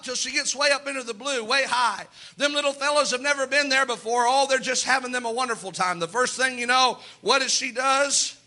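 High, bright-voiced man preaching a sermon. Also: fairly quick, few pauses. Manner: folksy storytelling with repeated restarts. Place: church.

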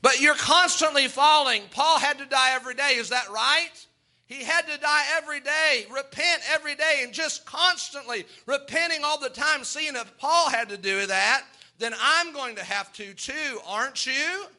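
A man's voice: very high-pitched, normal speed, pushed and bright. A male preacher delivering a folksy, emphatic sermon, often restarting his phrases as he drives a point home.

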